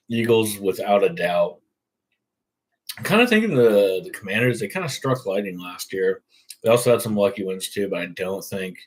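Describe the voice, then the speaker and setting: A man's voice: low voice, husky, low-quality recording. A young man hosting a casual sports talk show, rambling and swearing freely. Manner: profane, rambling. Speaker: host.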